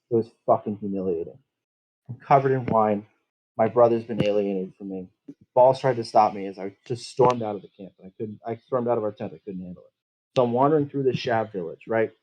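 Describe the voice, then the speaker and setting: A man's voice: medium pitch, darkish tone, dull audio. Profane, bitter man telling a backstory. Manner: profane, bitter, rambling storytelling. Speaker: player in a tabletop game. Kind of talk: in-character backstory narration.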